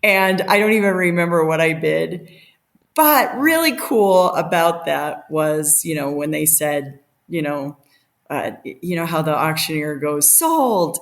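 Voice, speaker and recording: A middle-aged woman telling a story as a podcast guest, animated and laughing, acting out the quotes. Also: sits low, a little slow. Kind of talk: casual storytelling.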